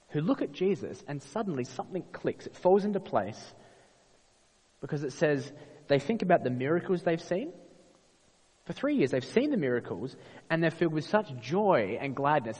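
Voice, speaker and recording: Casting note: male preacher, expressive, rhetorical questions, long church-hall reverb. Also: medium pitch, breathy edge. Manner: expressive, rhetorical questions, acts out quoted voices. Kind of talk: sermon.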